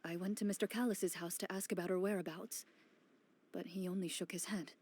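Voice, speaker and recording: Composed swordswoman for a game; low, measured and reserved. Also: fairly even intonation, slightly rough. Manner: measured, reserved and quietly dry. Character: calm, composed female champion duelist. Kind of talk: game voice acting.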